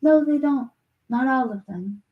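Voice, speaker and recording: A woman vlogger in an emotional direct-to-camera monologue, talking straight to an absent person, halting and repeating herself. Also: high-pitched, reverberant, narrow, tinny audio.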